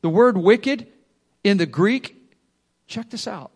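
A man preaching a sermon with energy, swinging between loud bursts and quiet asides to the congregation. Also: high-pitched, unhurried, long pauses. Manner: energetic preaching, acts out excuses in quotes. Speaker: pastor.

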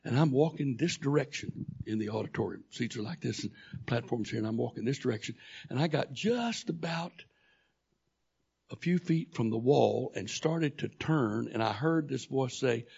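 A male pastor telling a personal testimony in a sermon, animated, acting out the dialogue as he goes. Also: medium pitch, moderate pace. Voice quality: gravelly, husky. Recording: dull lo-fi recording.

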